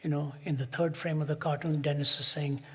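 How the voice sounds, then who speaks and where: A man preaching a sermon in a large hall, telling stories, building to emphatic peaks and dropping soft for quoted asides. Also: on the high side, little pitch movement, brisk, husky.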